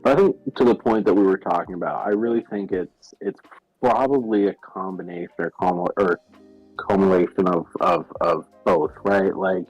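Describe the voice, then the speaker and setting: A very deep-voiced man speaks reflectively about sobriety, pausing to hunt for words. His remote audio sounds dry and slightly dull, with faint music behind him. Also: fairly even intonation, dry recording. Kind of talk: casual chat about sobriety.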